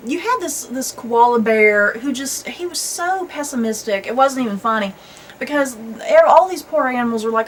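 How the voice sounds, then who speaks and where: A woman's voice: fairly quick, a little hiss or hum, rough recording. A woman hosting a casual chat about a film, laughing often and talking animatedly. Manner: chatty, laughs often, lively swings in pitch. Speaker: host.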